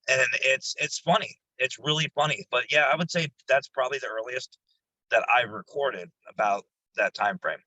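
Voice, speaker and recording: A man who investigates the paranormal, a guest on an interview show, telling his stories in a casual, animated way. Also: mid-range voice, a little fast, husky, dry recording, poor audio. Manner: animated, jumps into quoted voices, laughs while telling stories.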